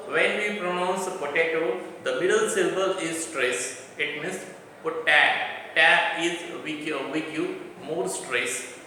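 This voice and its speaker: A male teacher from India gives a classroom lecture in a bright, somewhat high voice. He explains step by step, repeating and restarting words. He is heard from a distance in a roomy space with faint ambience. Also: a little hiss or hum. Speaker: college English teacher.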